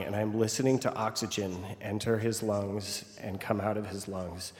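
A young man telling a personal story live on stage, animated and vivid, building to excited outbursts. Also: on the low side. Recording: echoey hall with long reverb.

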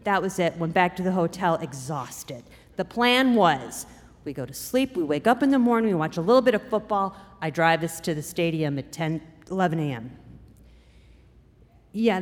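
A middle-aged woman telling a personal story in an animated, expressive way, acting out quotes. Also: lowish voice. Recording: long hall reverb.

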